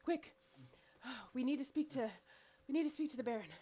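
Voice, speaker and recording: Woman voicing a tabletop game heroine, breathless, urgent, higher pitched, exaggerated. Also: normal speed, mellow, breathy edge.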